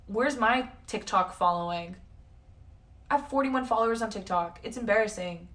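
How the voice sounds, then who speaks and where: A woman's voice: mid-range voice, moderate pace, a bit bright, recorded from a distance. A young woman chatting casually on a live stream from a hotel room. She rambles, swears freely and jumps between tangents. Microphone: facecam at a distance. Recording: echoey room, voice off-mic.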